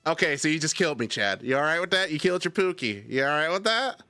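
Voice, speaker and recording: A man's voice: fairly high pitch, very animated, fast, sharp tone, smooth, no room sound, soft background music. A man streaming live, chatting casually and arguing a point with his chat, addressing viewers by name.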